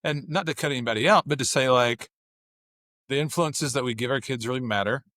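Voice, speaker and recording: A man, a father, talking as a podcast guest, telling family stories with lively, acted-out bits of dialogue. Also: medium pitch, fairly quick, no echo, clean studio sound. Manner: animated storyteller, acts out family dialogue. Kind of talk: casual chat.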